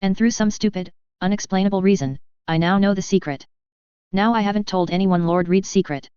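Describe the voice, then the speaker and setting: A woman voicing an earnest young man from modern times, speaking in a measured, pleading way as she reads a fantasy story aloud. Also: medium pitch, steady tone, darkish tone, clean tone, dry recording, close to an everyday voice. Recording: slightly dull lo-fi dry.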